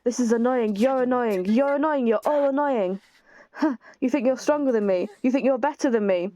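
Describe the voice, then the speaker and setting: A woman's voice: on the high side, normal speed, mellow, close to an everyday voice. A woman reading game dialogue aloud for a volatile, bratty young man who boasts and taunts. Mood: boastful. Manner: reads game dialogue aloud with light acting.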